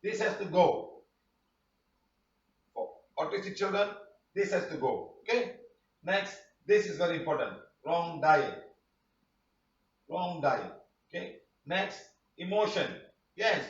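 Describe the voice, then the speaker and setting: A man's voice: sits high, lively intonation, measured pace, pauses often. A man teaching a healing class, rambling and repeating himself for emphasis. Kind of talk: online class presentation. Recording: roomy, distant, dull sound.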